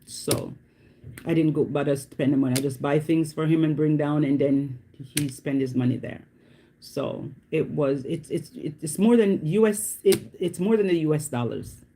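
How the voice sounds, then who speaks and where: A woman talking casually to her viewers in a warm, mellow voice. She rambles and circles back on her own words, often asking whether you follow. The chat is loose, unscripted and easygoing. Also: sits low, moderate pace, slight background noise. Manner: chatty, repeats herself, often asks "you know what I mean". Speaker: vlogger.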